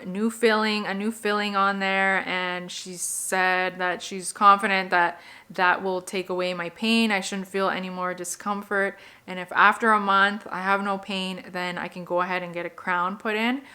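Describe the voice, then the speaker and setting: A woman's voice: mid-range voice, sharp tone, clean tone. A young adult woman giving a candid, emotional personal update to her viewers. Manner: emotional and candid, close to tears. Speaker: beauty vlogger. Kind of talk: personal update vlog, talking to camera.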